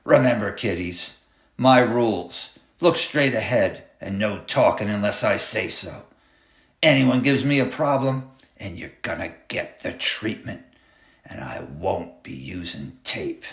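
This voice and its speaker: Using his natural mid-range voice at a slightly slow pace, a man voices a taunting clown who drives a school bus. His sneering, bossy threats carry a menacing mood, and the recording sits in a roomy, echoey room.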